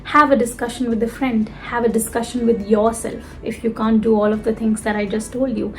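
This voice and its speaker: A woman teaching communication skills straight to the viewer, lively and emphatic, with frequent checks like "right?". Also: on the high side, fairly quick. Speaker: English speaking coach. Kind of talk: direct-to-camera lesson.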